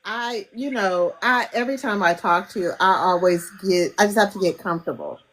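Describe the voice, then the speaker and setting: A woman's voice: medium pitch, moderate pace, a bit bright, low-quality recording. A woman hosting a podcast, earnest and grateful, close to tears as she talks. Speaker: podcast host. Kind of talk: casual podcast chat.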